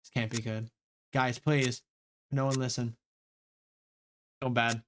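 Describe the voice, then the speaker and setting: A man's voice: medium pitch, level tone, slow, a bit bright, a little hiss or hum. A man streaming a story game live, reading aloud and reacting with frequent swearing.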